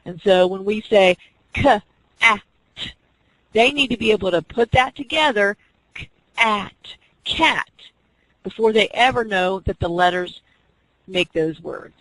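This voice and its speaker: A woman's voice: medium pitch, normal speed, long pauses, no echo, poor audio. A woman teaching an online class, explaining reading skills step by step and acting out teacher and student examples. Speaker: teacher educator.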